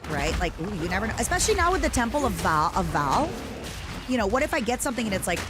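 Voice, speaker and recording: A woman streaming a video game, chatting in a playful, animated, rambling way. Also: medium pitch, fast talker, background noise. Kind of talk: casual gameplay chat.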